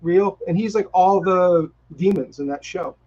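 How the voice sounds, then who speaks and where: An eager Boston-accented man co-hosts a casual live-stream chat, his voice sitting high, mellow and unhurried. He rambles and restarts sentences often. Heard over a video call, the stream audio is dull and lo-fi.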